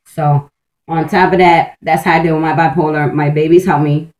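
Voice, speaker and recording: In a poorly recorded vlog, a woman with a low, steady, slightly mellow voice talks at a moderate pace. Her rambling monologue is casual and full of profanity, restarts and "like," delivered in a blunt, streetwise, intense and emphatic manner.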